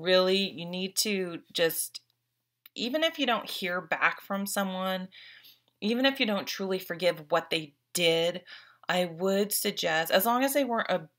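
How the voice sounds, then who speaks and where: A woman with a notably low voice talks through a tarot reading in a casual, heartfelt way. She is earnest and openly emotional, speaking as a young adult reading the cards for her viewers. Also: a bit bright. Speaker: tarot reader.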